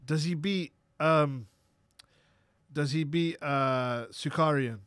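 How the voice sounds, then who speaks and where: A young man co-hosting a podcast, teasing and firing quick questions in casual chat. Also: a little high, fairly bright tone, clear, resonant tone, no room sound, clean studio sound. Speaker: podcast co-host.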